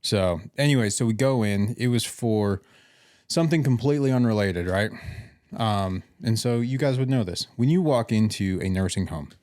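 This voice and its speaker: A man hosts a relaxed podcast, sharing paramedic stories and acting out the dialogue, swearing included. His voice is lowish and slightly mellow at a moderate pace, captured in a dry, studio-quality recording.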